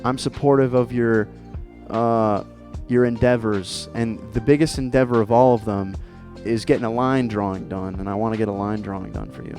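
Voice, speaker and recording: A man's voice: lowish voice, fairly even intonation, moderate pace, darkish tone, soft background music. A man hosting a livestream, chatting casually and riffing playfully while he draws. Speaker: streamer host.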